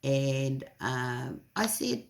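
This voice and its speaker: A middle-aged New Zealand woman with a strikingly deep, gravelly voice, recording a casual video diary. Her pitch swings widely as she tells her stories, and she laughs often while chatting. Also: extremely slow, slight background noise. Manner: lively, chatty storytelling with frequent laughs. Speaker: vlogger.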